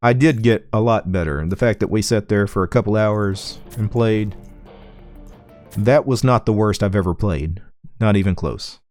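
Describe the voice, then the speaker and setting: A man chatting casually on a live game stream, reading chat messages aloud and answering them in a relaxed way. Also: on the low side, moderate pace, soft background music.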